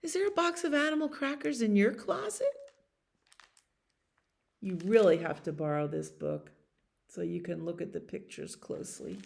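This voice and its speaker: A woman librarian reading a bedtime story aloud to children, gentle and expressive, with chatty asides. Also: mid-range voice, moderate pace, vocal fry, pauses often.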